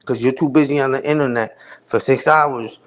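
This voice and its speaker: A man's voice: medium pitch, fairly even intonation, moderate pace. A man hosting a live stream, ranting heatedly with profane street slang. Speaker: livestream host. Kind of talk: casual livestream rant.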